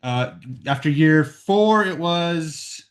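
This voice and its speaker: A man with a somewhat high voice walks through a math problem in a recorded lesson. He talks each step out loud and often checks in with "right?". He is recording at home on a computer microphone. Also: animated, slow. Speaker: math teacher.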